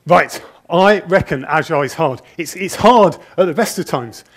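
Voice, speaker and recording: A man in a slightly higher register than most men delivers a conference talk from an auditorium stage, speaking into a handheld mic. He sounds a little nervous, chatty and self-deprecating, and often restarts his sentences as he tells his stories. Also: animated, moderate pace. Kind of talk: conference presentation, anecdotal storytelling.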